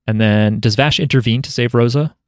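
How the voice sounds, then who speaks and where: A man hosting a podcast, chatting casually with offhand, deadpan jokes. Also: mid-range voice, brisk, clear, resonant tone, dry recording, studio quality. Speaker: podcast host. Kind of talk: casual chat.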